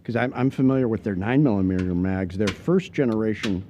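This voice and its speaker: A man hosting a podcast in casual chat, reacting with lively enthusiasm. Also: lowish voice, a little fast, a little hiss or hum. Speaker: podcast host. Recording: slightly dull lo-fi recording.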